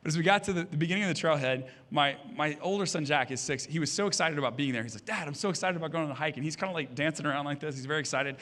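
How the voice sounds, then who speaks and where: A man in his thirties, the pastor, speaks very fast in a slightly high, somewhat bright voice with hardly any pauses. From the church stage he preaches a sermon full of funny family anecdotes, acting out the voices of the people involved.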